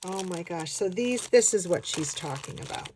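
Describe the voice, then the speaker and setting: A woman chatting casually as a craft vlogger, gushing and excited, often gasping as she unboxes. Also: on the low side, normal speed, background noise.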